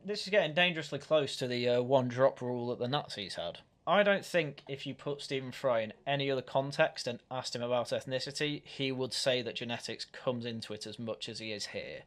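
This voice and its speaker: A man's voice: medium pitch, brisk, few pauses, fairly bright tone. A man hosting a reaction commentary, speaking in a critical, argumentative way with frequent restarts. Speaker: commentary channel host.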